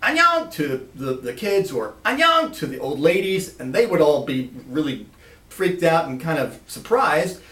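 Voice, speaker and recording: A man telling a personal story in a lively, animated way, recorded from a distance in an echoey room. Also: fairly high pitch, a little slow. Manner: animated, lively, acts out voices.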